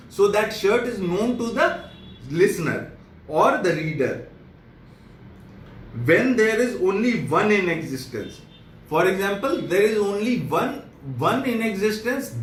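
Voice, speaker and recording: A high-voiced man with an Indian English accent teaches grammar, going over each point twice in slow, plain words. He sounds far from the mic in an echoey room, with a faint hiss of noise behind him. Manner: repeats and rephrases each point slowly. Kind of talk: classroom grammar lesson.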